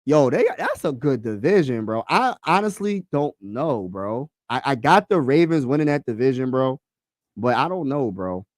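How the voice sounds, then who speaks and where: A man hosting a casual sports talk livestream, excitable and slangy, repeating himself and talking to his chat. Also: medium pitch, moderate pace, no room sound, clean studio sound.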